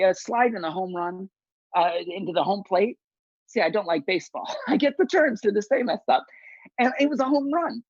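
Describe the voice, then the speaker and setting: A man with a gravelly, creaky voice tells a funny personal story, his pitch leaping up and down as he mocks himself. He is heard over a video call with dull, muffled sound and no room echo. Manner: animated, self-mocking storytelling with big swings in voice.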